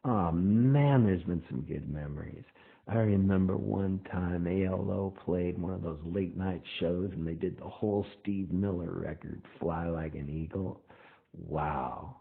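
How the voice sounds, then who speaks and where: A middle-aged man, a touring folk singer, rambling through a spoken monologue intro with drawn-out lines. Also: low-pitched, creaky, breathy edge. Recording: tinny phone-like sound.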